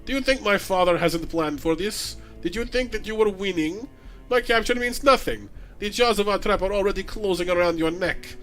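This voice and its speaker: A man's voice: sits high, normal speed, fairly bright tone, soft background music. A man putting on a sneering villainess with a Russian accent. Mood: sneering menace. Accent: vaguely Russian, put on. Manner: sneering, theatrical threats. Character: cold scheming female villain, noble cousin.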